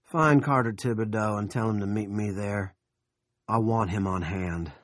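A man's voice: lowish voice, moderate pace, dry recording, studio quality, lightly acted. A man voicing a domineering older town boss with a failing heart who speaks in a controlled, menacing way.

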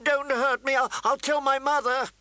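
A man voicing a spoiled, cruel young prince with a high, whining voice. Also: little pitch movement, drawn-out words, pushed and bright, dry recording, full character voice. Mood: whimpering. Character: spoiled cruel boy prince, whiny and scornful.

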